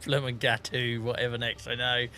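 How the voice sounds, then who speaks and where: A man from England with a Norfolk accent chats casually with his live-stream chat while gaming, laughing often and reading messages aloud. His mid-range voice is level and sharp in tone at a moderate pace, with a little hiss or hum.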